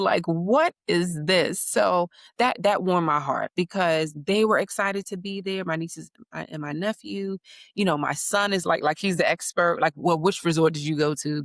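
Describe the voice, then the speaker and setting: Woman with a gravelly, dry voice. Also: fairly low pitch, dry recording. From United States. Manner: animated storyteller acting out children's voices. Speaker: guest. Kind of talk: conversational interview.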